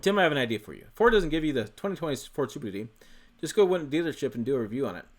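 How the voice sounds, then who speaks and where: A man's voice: mid-range voice, big pitch swings, rapid-fire. A man hosting a casual livestream from a home office into a desk microphone, rambling, correcting himself and swearing casually. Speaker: channel host. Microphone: desk USB microphone.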